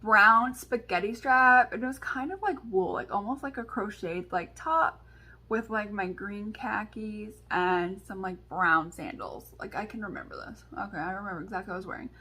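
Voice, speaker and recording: Chatty, bright-voiced woman vlogger. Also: medium pitch, moderate pace. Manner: chatty, filler-heavy with many "like"s. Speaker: beauty vlogger. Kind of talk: casual storytelling and makeup tutorial.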